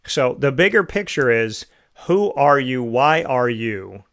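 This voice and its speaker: A man's voice: medium pitch, very animated, slow pace, fairly bright tone. A male show host talks through a motivational monologue in a mid-range voice. He is reflective and keeps drawing the listener in with rhetorical questions.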